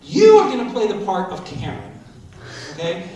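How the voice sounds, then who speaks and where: Lively, high-voiced man rallying a school crowd. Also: moderate pace. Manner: animated, coaching and joking. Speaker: motivational speaker. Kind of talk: school assembly talk. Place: school assembly hall. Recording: very echoey hall, from far off.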